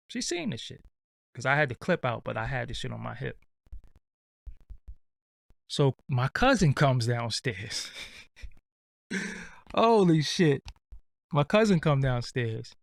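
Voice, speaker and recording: A man telling a casual, profane anecdote in lively street slang. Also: medium pitch, slow, gravelly, pauses often, dry recording, clean studio sound. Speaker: storyteller.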